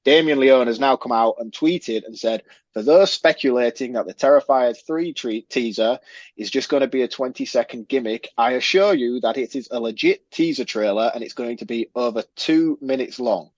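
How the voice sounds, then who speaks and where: A man's voice: mid-range voice, moderate pace, dry recording, muffled recording. A man co-hosting a horror film podcast in casual chat, laughing at himself as he rambles. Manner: laughs at himself, fumbling attempts at an accent. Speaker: podcast co-host.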